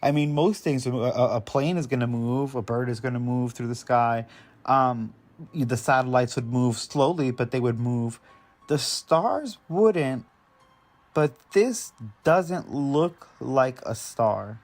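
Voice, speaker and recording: A man's voice: mid-range voice, slow, a little mellow. A man reacting to video footage in casual commentary, thinking aloud with hesitant restarts and some amusement.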